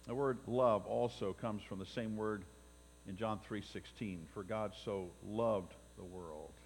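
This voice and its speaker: A man preaching a sermon as pastor, building to emphatic peaks and dropping to quiet, deliberate phrases. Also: lowish voice, slight background noise. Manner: emphatic preaching with swells and drops in loudness. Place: church sanctuary. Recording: long reverb in a hall.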